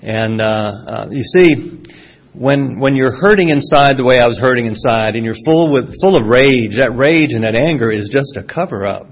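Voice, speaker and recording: A man's voice: medium pitch, animated, moderate pace. Middle-aged southern guy telling his life story to a crowd, folksy and wry, kinda muffled lo-fi sound. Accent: Southern American. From Florida. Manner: folksy storytelling with self-deprecating humor, frequent restarts. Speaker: speaker sharing a recovery testimony. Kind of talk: personal testimony talk. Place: speaking to a live audience. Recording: dull lo-fi sound.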